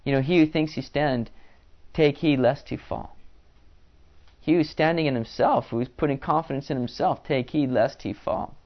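A man's voice: medium pitch, normal speed. Man preaching a casual sermon, lo-fi. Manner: conversational preaching with frequent restarts and fillers. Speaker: pastor. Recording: dull lo-fi sound.

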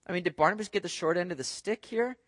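A man's voice: high-pitched, fast talker, a bit bright, dry recording. Man preaching with a dry, close sound. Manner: conversational, asks the congregation "right?" often. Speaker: pastor. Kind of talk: sermon. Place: church service.

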